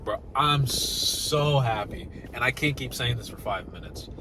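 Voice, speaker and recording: A young man vlogging casually about new laptops, swinging between loud excitement and mumbled asides. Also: mid-range voice, a little slow, background noise. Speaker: tech YouTuber.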